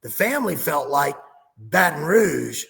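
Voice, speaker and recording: A man's voice: on the high side, very animated, unhurried, vocal fry, a bit bright. A man co-hosting casual sports talk, ranting and sarcastic, recorded with a reverberant room sound.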